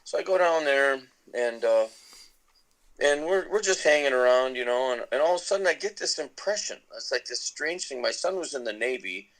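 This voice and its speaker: A man's voice: mid-range voice, lively intonation, normal speed, fairly bright tone, poor audio. A middle-aged man, a podcast guest, tells a long personal story casually, with many restarts. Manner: rambling with many restarts and laughs.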